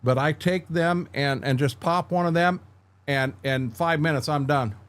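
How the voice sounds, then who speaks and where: A man's voice: a little high, measured pace, fairly bright tone. A middle-aged man, chatting casually on his livestream at home, telling rambling, candid stories and answering viewers by name. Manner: rambling, candid storytelling, frequent restarts, answers chat by name. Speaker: livestream host.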